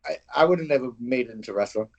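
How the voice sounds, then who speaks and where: A man's voice: medium pitch, very fast, vocal fry, a little mellow. A man co-hosting a podcast, chiming in casually with short remarks. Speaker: podcast co-host. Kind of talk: casual chat.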